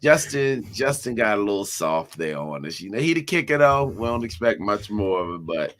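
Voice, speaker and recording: A man co-hosting a casual sports show, joking and swearing with loud outbursts. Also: lowish voice, sing-song, normal speed.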